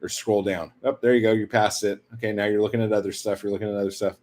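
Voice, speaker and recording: A man's voice: fairly low pitch, level tone, fast, a little mellow. A young man chatting casually with his stream viewers, rambling and swearing, full of fillers like "like". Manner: rambling, profane, lots of "like".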